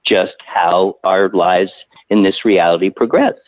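A man who works as a hospice doctor, calmly explaining things in a conversation. He often repeats words while he gathers his thoughts. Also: sits low, unhurried, no room sound. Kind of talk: casual interview conversation. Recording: tinny phone-line audio.

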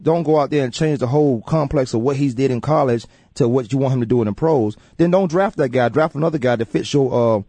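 Male talk radio host: husky, warm, animated, repeats his points. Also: mid-range voice, no echo. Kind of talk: casual sports talk.

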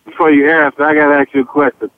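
Sports radio co-host, male, fairly high voice, lively questioner, narrow phone-line sound. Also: racing, smooth. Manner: animated, asks questions, retells conversations. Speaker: sports talk show co-host, former player. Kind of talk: casual radio sports talk.

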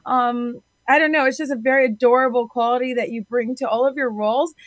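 A woman co-host who gives warm compliments in a voice that sits high for a woman. The sound is dry and close. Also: fairly even intonation, fairly quick, no room sound. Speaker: talk show co-host. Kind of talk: casual talk show chat.

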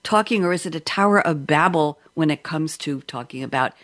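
A woman's voice: low-pitched, a little fast. Chatty woman hosting a podcast. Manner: chatty, lively and often amused. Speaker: podcast host. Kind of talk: interviewing guests over video call.

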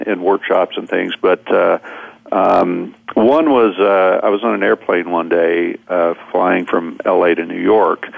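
A man's voice: deep voice, vocal fry, no room sound, low-quality recording. A man, a seminar speaker, telling a long story in conversation, rambling with many fillers and repeated words.

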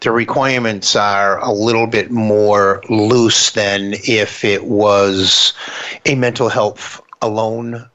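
A man's voice: fairly low pitch, fairly even intonation, slow, fairly bright tone, muffled recording. A man hosting a radio talk show, chatting casually and often restarting his sentences. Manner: conversational, trailing off and restarting.

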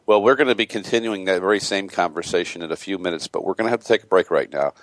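A male radio host with a very deep voice leads the interview. He talks haltingly and often repeats words before finishing a question. The sound is close and dry. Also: no room sound. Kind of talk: interview hosting.

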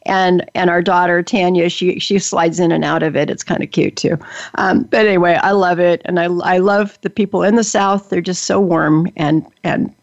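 An older woman hosts a talk show in a chatty, enthusiastic way, tripping over her words and starting again. Her voice sits a little low. The recording sounds dull and lo-fi. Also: steady tone, moderate pace. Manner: chatty, enthusiastic, many restarts. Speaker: podcast host. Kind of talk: casual interview chat. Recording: dull lo-fi audio.

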